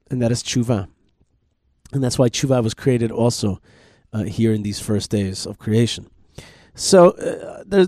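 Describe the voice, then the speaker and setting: A man's voice: mid-range voice, dark tone, no echo, studio quality. A man, a rabbi and podcast host, giving a Torah teaching talk while thinking aloud with many restarts.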